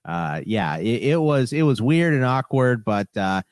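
A man co-hosting a sports radio show, chatting casually and lively, sometimes swooping into exaggerated voices when retelling stories. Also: mid-range voice, measured pace, dry recording, clean studio sound. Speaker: podcast co-host.

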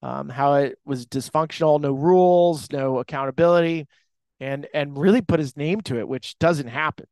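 A man's voice: on the high side, moderate pace, a little mellow, no room sound. Chatty man hosting a baseball podcast. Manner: emotional, rambling, many restarts and fillers. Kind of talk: casual sports talk monologue. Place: airport restaurant bar.

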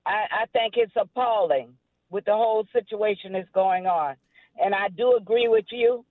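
A woman's voice: mid-range voice, moderate pace, dry recording. Earnest woman calling in on a phone line. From Florida. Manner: earnest, indignant, formal. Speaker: caller. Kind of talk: phone-in comment. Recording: tinny dry phone line.

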